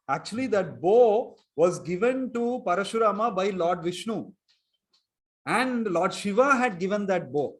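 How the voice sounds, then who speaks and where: A man telling a story to children in an online class, chuckling and quizzing them. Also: high-pitched. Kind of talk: storytelling lesson for kids online.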